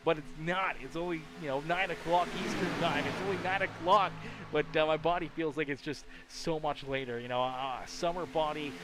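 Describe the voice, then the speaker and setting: A tired man calling a live sim race play-by-play, his voice sitting high and jumping to loud bursts on close calls. Race-car engines roar through a noisy stream mix behind him. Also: normal speed. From Canada. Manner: excitable play-by-play with sudden loud bursts and rambling asides. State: tired and yawning. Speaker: sim racing commentator.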